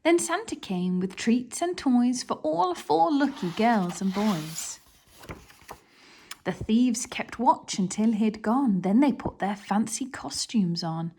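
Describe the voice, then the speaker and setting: A woman reading a children's picture book aloud in an expressive voice, dropping to a whisper for some passages. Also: a little high, slow pace, slightly rough. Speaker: children's story reader.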